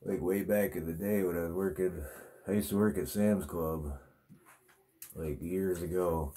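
In a deep, mellow voice with a steady tone, a vlogger unhurriedly describes his dream. The casual monologue rambles, crude and profane, and leans on many fillers.

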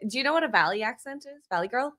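A woman co-hosting a casual live stream, animated and laughing along with the others. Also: on the high side, racing. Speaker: stream co-host. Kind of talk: casual chat.

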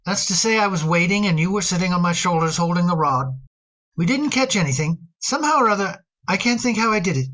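A woman voicing a gentle, fond middle-aged father in a radio drama, hesitant and given to repeating words. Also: fairly low pitch, expressive, fast, dull audio. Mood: wistful.

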